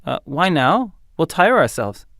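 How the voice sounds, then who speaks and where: A man's voice: on the high side, sing-song, measured pace, vocal fry, fairly bright tone, dry recording, studio quality, heavily acted. A man voicing an earnest young warrior who screams with battle fury in a fantasy audiobook. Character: young male warrior, fierce, earnest, guilt-ridden.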